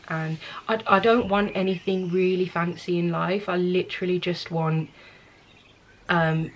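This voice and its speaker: A young Englishwoman with a Birmingham accent talks candidly about herself to the camera in a casual vlog filmed at home. Her voice is lowish, and her manner is chatty and self-deprecating. The camera mic picks up slight background noise.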